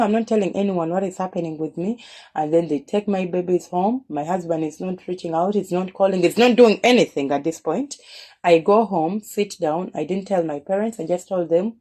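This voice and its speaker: A woman tells a personal story in a lower, mellow voice. She speaks earnestly, repeating words and restarting phrases as she goes. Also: brisk.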